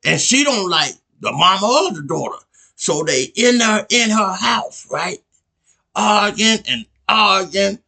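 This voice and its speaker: A man with a gravelly, bright-edged voice, a touch higher than most men. He hosts a podcast and tells a story casually, rambling and often checking in with the listener. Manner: rambling, conversational, many "you know what I'm saying" asides. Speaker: podcast host.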